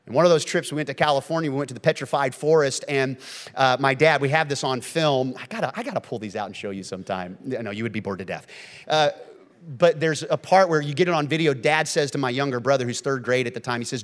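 A man preaching a sermon as pastor, telling stories with lively swings between loud and hushed delivery. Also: mid-range voice, quick pace. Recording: long reverb of a church hall.

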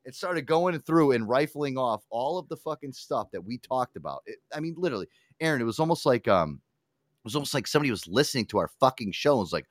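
Animated, profane male radio host. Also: mid-range voice, brisk, no room sound, clean studio sound. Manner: animated, profane, breaks into mimicking voices. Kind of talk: casual talk radio banter.

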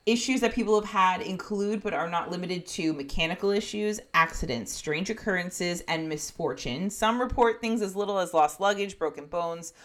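A woman co-hosting a podcast, casually recounting a story with swearing and quick impressions. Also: fairly low pitch. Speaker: podcast co-host.

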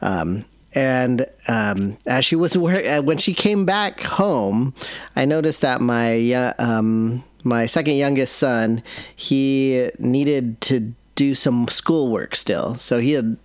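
A man speaks at an ordinary middle pitch, recorded dry and close with no room around him. He chats casually and tells an animated story, acting out the other voices in it. He sounds like a podcast co-host. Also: slow, no echo. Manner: animated storyteller who acts out quotes. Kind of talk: casual chat.

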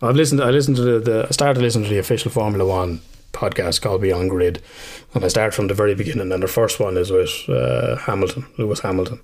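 Man, 30s, gravelly podcast co-host, rambling and loose, swears freely. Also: lowish voice, steady tone, quick pace, few pauses, darkish tone. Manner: rambling, swears casually, laughs often. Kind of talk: casual chat.

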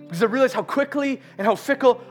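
A man preaching, telling a story about his daughter in an animated way, laughing as he goes and slowing down for emphasis. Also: very high voice, soft background music. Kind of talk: sermon storytelling.

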